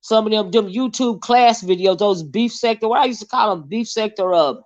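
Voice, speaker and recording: Animated woman livestreaming. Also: medium pitch, moderate pace. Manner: animated, teasing, Southern-style banter. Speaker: livestream host. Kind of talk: casual live chat with viewers. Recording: slightly dull lo-fi stream audio.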